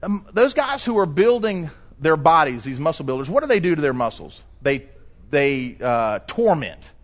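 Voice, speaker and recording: Animated preaching man, slightly high voice. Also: moderate pace. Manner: animated storytelling preacher, shifting pace, acts out quotes. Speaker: pastor. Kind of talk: sermon.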